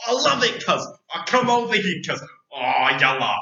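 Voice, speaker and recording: A man's voice: fairly high pitch, very animated, moderate pace, pushed and bright, reverberant, highs cut off, full character voice. A man voicing a brash, slangy young Lebanese-Australian man with a Lebanese-Australian accent, ending his lines with "cuz". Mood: swaggering.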